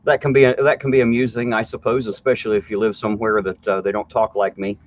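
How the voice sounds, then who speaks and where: A man's voice: on the low side, flat delivery, fast, highs cut off. A man with a slight southern Ohio drawl hosting a casual live-stream chat, blunt and joking, often laughing. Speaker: host.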